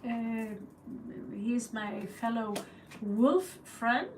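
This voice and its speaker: A woman's voice: on the high side, drawn-out words, darkish tone, far from the mic, a little hiss or hum, low-quality recording. A woman with a Norwegian accent hosting a tarot live stream in loose, chatty talk, cursing and laughing as she goes. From Norway. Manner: chatty and loose, swearing, laughing, mimicking crow calls. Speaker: tarot reader and channel host. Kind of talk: casual live-stream chat.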